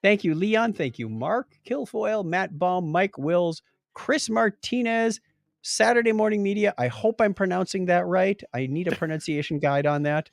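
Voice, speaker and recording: Male podcast host, animated and playful, slightly high voice, dry studio. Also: vocal fry, no room sound. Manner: jokey, animated, rattles off lists quickly. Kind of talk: casual chat.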